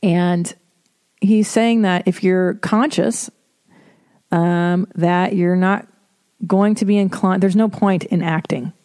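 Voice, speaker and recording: A woman talking on her own podcast in a low, mellow voice, loose and unscripted. She is candid and wry, swears freely and laughs at her own asides. The sound is close and dry, with no room around it. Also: steady tone, takes it slowly, clean tone, no echo. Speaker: podcast host. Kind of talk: casual solo monologue.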